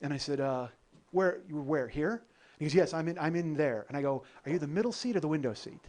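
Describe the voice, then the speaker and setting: A man spins a rambling comic story from his own life, swearing freely and breaking into laughter as he goes. His speaking voice sits a little higher than most men's. It has the loose feel of a casual podcast monologue. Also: fairly quick. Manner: profane, animated, laughs at own stories. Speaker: podcast host.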